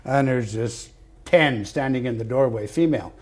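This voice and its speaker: An older man from Canada, a retired fire captain, telling stories as a guest in an interview, acting out the dialogue with loud animated bursts. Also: mid-range voice, moderate pace. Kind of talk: anecdotal interview storytelling. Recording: television studio interview.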